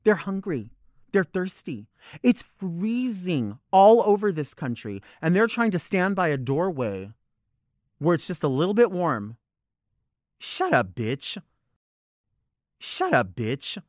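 Guy ranting on his podcast, swoopy fairly high voice, swearing a lot, dry close mic. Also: measured pace, no room sound. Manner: animated, profane ranting with mimicked exchanges. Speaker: podcast host. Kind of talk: comedic rant.

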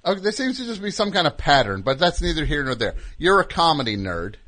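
Wry male radio host, lively pitch. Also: brisk. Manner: dry, wry, deadpan remarks. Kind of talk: comedy radio call-in.

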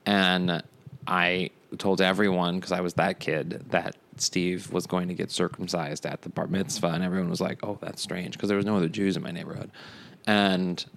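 A man hosting casual chat, playful and quick, telling stories in a quiet deadpan way. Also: sits low, gravelly.

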